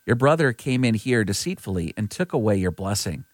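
A man's voice: lowish voice, animated, fairly quick, no room sound. A man reading as an aging, blessing father. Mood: earnest. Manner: earnest, lightly voiced reading.

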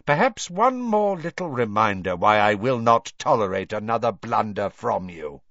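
A man reading as a cold, high-pitched dark lord from a storybook, slow and menacing. Each word comes out measured and icy. The recording is dull and dry. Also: very animated, no room sound.

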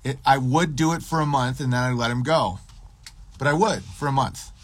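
Husky profane streamer ranting. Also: male voice, medium pitch, normal speed, no echo. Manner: profane, sarcastic, deadpan absurd riffing.

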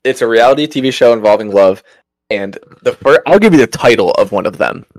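A young man with a mid-range voice chats easily on a podcast. He sounds loose and relaxed, swearing casually. The recording is close and dry. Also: medium pitch, fairly quick, no room sound, poor audio. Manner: laid-back, says dude, swears. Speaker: podcast co-host. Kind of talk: casual chat.

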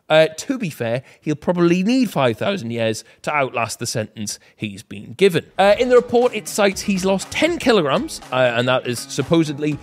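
A man's voice: fairly high pitch, very animated, normal speed, few pauses, soft background music. A man with a British accent hosting a comedy news roundup, delivering scripted items with sarcastic asides and swearing. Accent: British English.

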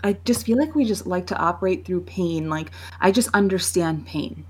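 A woman chatting openly on a podcast, candid and self-deprecating, her phrases fading quieter at the end. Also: lowish voice, moderate pace, breathy edge. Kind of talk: casual chat.

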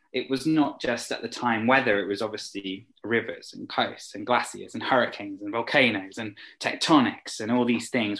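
A man's voice: mid-range voice, a bit bright, rough recording. A young man chatting eagerly as an interview guest, rambling with fillers. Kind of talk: casual interview chat.

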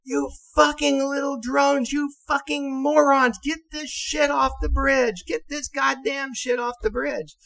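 A man voicing a foul-mouthed navy captain who screams in a high, strained voice. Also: slow, fairly bright tone. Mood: yelling. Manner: screaming, profane tirade.

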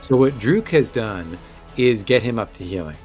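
Male game master, relaxed rules talk, light music bed. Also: fairly low pitch, normal speed. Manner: explains rules, thinks aloud. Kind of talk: narrating a tabletop game.

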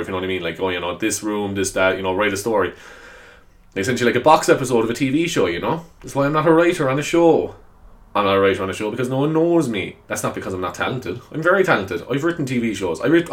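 A man's voice: mid-range voice, animated, fast talker. A man hosting a solo podcast, chatting casually in a rambling, self-deprecating way and laughing often. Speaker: podcast host.

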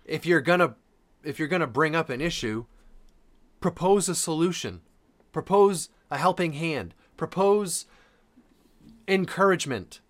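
A man's voice: a little high, animated, measured pace, pauses often, fairly bright tone. A man hosting a podcast, talking casually and earnestly, repeating phrases for emphasis. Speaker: podcast host.

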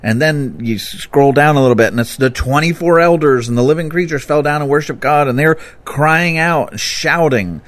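A man explaining scripture in a relaxed, conversational way, bursting into loud, lively emphasis when he quotes it. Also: on the high side, moderate pace, hardly any pauses, no echo. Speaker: Bible teacher. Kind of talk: conversational teaching talk.

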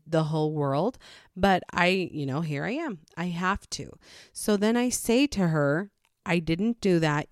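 A woman's voice: on the low side, no echo, studio quality. A woman, a mother, giving frank, matter-of-fact parenting advice in a casual talk. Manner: frank, matter-of-fact, with animated quoted asides. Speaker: parenting vlogger.

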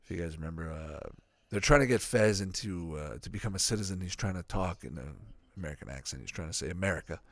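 A man's voice: low-pitched, fast, few pauses, dry recording. A man hosting a podcast, chatting casually and rambling, with frequent swearing. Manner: profane, rambling, animated. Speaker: podcast host reviewing a sitcom.

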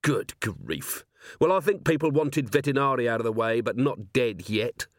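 A man's voice: medium pitch, lively intonation, moderate pace, dry recording, close to an everyday voice. A man voicing a weary, blunt male watch commander who talks in a dry, clipped way. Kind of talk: audiobook character voice.

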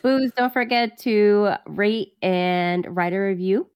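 A woman's voice: mid-range voice, slow, clear, resonant tone, no room sound, lo-fi sound. A woman co-hosting a podcast in casual chat, swearing freely, laughing and acting out other people's words. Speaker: podcast co-host.

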